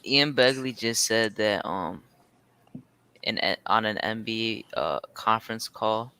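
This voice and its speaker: A young man hosting a casual sports chat, relaxed and hesitant. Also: on the low side, slow, clear, resonant tone. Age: young adult.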